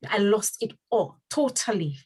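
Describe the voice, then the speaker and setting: A woman's voice: medium pitch, expressive, measured pace, darkish tone, breathy edge, rough recording. A woman who leads her community and hosts a panel discussion. She speaks earnestly and repeats phrases for emphasis. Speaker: community leader and host.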